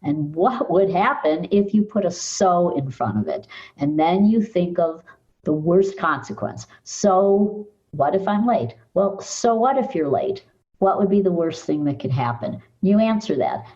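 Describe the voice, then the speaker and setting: An older woman psychologist, a podcast guest, calmly guiding listeners through mind-body exercises. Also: on the low side, muffled recording. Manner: calm, measured, guides listener through exercises. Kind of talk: podcast interview, explaining techniques.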